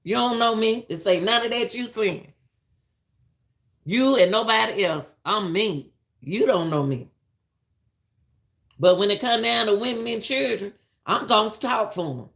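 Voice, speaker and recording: A middle-aged woman, talking in a bright, forceful voice. She gives live-stream commentary in an emphatic, preachy way and hammers her points home by saying them again. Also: medium pitch, unhurried, creaky, long pauses. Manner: emphatic and preachy, repeats lines for stress.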